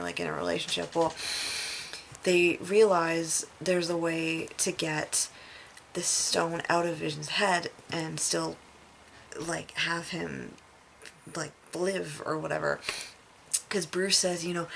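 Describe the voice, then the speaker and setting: A woman chatting casually about a film she saw, laughing often and breaking into excited outbursts. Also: fairly low pitch, gravelly, slight background noise. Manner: animated, laughs often, acts out lines in bursts. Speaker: vlogger reviewing a film.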